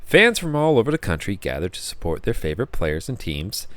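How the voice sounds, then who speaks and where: A man's voice: on the low side, very animated, fairly quick, a bit bright. A man chatting casually in a vlog, hesitant and rambling with many fillers as he reads web pages aloud. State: hiccuping. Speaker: vlogger.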